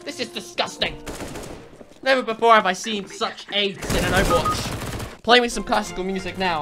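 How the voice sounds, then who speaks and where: A woman doing ranting game commentary, loud, profane and mocking, swinging between shouting and muttering. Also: medium pitch, moderate pace. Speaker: gaming commentator. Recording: voice over loud background music. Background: background music.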